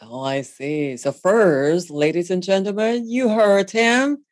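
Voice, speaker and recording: A woman's voice: medium pitch, slow pace, dry recording, clean studio sound. A woman hosting an interview, playful and laughing often, addressing her audience directly. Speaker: host. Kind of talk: interview for language learners.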